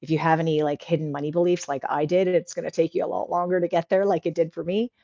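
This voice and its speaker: Lady chatting on her livestream, mellow lowish voice, cheering people on, dull dry lo-fi sound. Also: flat delivery, quick pace, gravelly, dry recording. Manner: chatty and encouraging, reads viewer comments aloud. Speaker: livestream host. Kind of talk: casual livestream chat.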